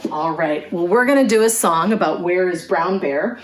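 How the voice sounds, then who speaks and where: A woman who is a youth librarian, reading a picture book aloud for children in an expressive storytime style and leading sing-along songs. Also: fairly low pitch, normal speed, background noise.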